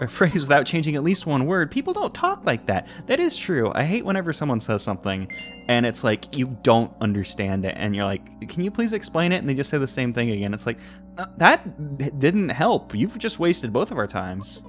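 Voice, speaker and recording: A young man reading a text game aloud with playful commentary, jumping between squeaky high and low reading voices. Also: wildly swooping pitch, fairly quick, faint music behind.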